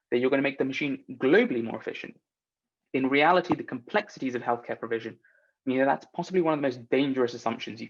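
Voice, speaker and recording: A man's voice: mid-range voice, dull audio. Earnest man giving a conference talk. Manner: earnest, persuasive, rhetorical asides. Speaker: conference speaker.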